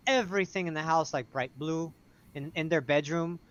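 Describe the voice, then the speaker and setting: A man's voice: on the high side, normal speed, lo-fi sound. A man rambling casually on a late-night live stream, filling his sentences with "like". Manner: rambling, lots of "like". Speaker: show regular.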